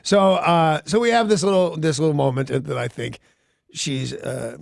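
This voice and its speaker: Male radio host, wry self-mocking storyteller, a bit high and gravelly, dry booth. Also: fairly even intonation, moderate pace, dry recording. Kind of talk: casual morning radio chat.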